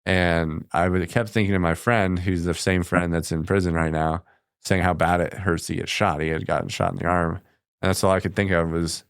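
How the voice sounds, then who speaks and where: A man's voice: sits low, little pitch movement, moderate pace, clear, resonant tone, dry recording. A man from the United States, a podcast guest, telling combat stories in a plainspoken, matter-of-fact way in a studio. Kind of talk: casual storytelling in conversation.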